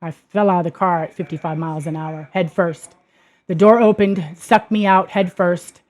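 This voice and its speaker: A podcast host with a lowish, slightly mellow voice speaks at a moderate pace with fairly even intonation. On her own show she delivers a personal testimony monologue, earnest at first and then emphatic and heated.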